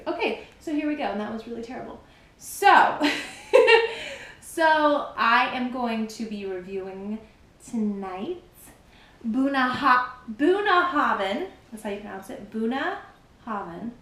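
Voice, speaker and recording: Slow-talking giggly woman, echoey room. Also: medium pitch, a bit bright. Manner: giggly, chatty, playful, with many "like"s. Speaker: vlogger reviewing scotch. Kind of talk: casual, rambling talk to camera. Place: at home, wearing a robe.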